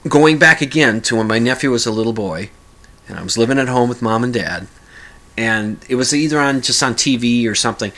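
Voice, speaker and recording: Male podcast host, chatty and rambling, bright forceful tone. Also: medium pitch. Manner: rambling, with many restarts and sung mock lyrics. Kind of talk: casual monologue.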